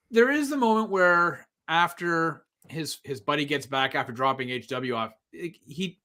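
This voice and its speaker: A man's voice: on the high side, pushed and bright. A man co-hosting a podcast, chatting casually about a movie, laughing often and acting out lines. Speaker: podcast co-host.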